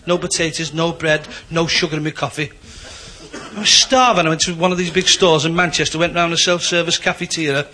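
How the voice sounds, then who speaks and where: A man's voice: fairly high pitch, fairly even intonation, a little fast, sharp tone, slight background noise. A man telling a rueful stand-up anecdote in a confiding way. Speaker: comedian. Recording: live club with audience laughter.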